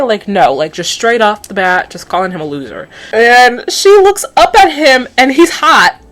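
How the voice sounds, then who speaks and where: A woman's voice: on the high side, animated, moderate pace, hardly any pauses, a bit bright. Young female vlogger, casual and snarky, heavy on "like," recaps a cartoon while doing her face. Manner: chatty and sarcastic, lots of "like" fillers. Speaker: beauty vlogger.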